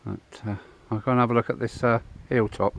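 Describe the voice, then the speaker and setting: A man's voice: mid-range voice, steady tone, brisk, vocal fry. A middle-aged man and truck driver, chatting casually in a rambling way while filming himself outdoors by a roadside and an old wall. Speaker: travel vlogger and truck driver. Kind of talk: casual travel vlog to camera.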